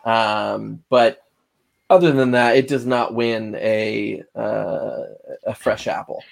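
A man's voice: fairly low pitch, fairly even intonation, slow pace, gravelly. Man steering a casual podcast chat. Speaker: podcast co-host.

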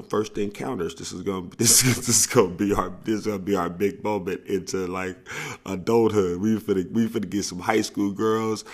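A man hosting a podcast, telling a long casual story in a rambling way, repeating and restarting phrases and laughing often. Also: sits low. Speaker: podcast host, coach.

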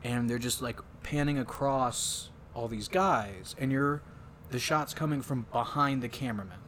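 A man's voice: mid-range voice, normal speed, fairly bright tone, slight background noise. A man hosting a casual podcast, rambling and swearing as he recaps a film and mimics its lines. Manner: rambling, swearing, quotes lines in put-on voices. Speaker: podcast host. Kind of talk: casual chat.

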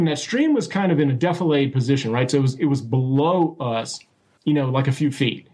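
A man telling a story as an interview guest, animated and full of restarts and acted-out quotes. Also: mid-range voice, brisk, breathy edge. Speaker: guest recounting a sighting. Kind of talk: casual storytelling.

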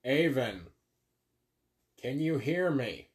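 A man's voice: medium pitch, normal speed. Crude, teasing young man co-hosting a podcast. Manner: crude, teasing, swears freely. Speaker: podcast co-host. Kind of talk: casual banter.

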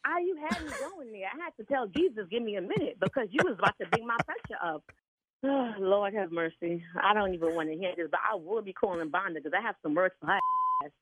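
A woman's voice: mid-range voice, animated, fast talker, a bit bright, husky. An older woman on a phone call, a church sign-language interpreter who talks in a stern, preachy way. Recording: tinny phone line.

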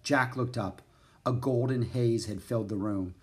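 A man narrating a children's book in an expressive storytelling manner. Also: medium pitch, normal speed. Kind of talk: children's audiobook reading.

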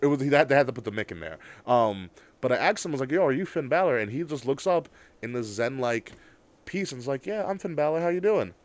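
A young man chatting casually as a podcast co-host, telling an excited story with lots of swearing and bursts of loud laughter. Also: medium pitch, fast talker, no echo. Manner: excitable storyteller, swears a lot, shouts when worked up. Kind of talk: casual chat.

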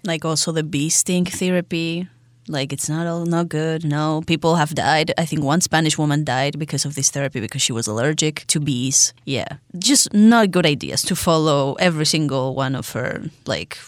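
A podcast co-host in casual gossip chat, sarcastic, often laughing and trailing off low. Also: normal speed, no echo, clean studio sound.

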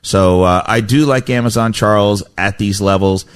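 A male radio host with a fairly low voice talks in a loose, rambling way, often restarting his sentences. He sounds like a relaxed studio chat about the markets. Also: normal speed, clear, resonant tone. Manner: rambling, self-correcting, chatty. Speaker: radio host, stock advisor.

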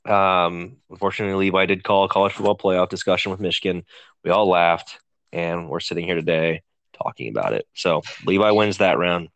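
A deep-voiced man with a fairly bright tone co-hosts a podcast, steering a relaxed sports conversation at a brisk clip. He's easygoing and chatty and leads the questions, and the recording is dry.

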